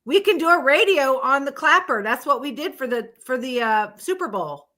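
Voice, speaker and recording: High bright-voiced woman, teasing and laughing. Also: lively intonation, moderate pace. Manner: laughing, teasing, swears freely. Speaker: live stream co-host. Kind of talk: casual chat.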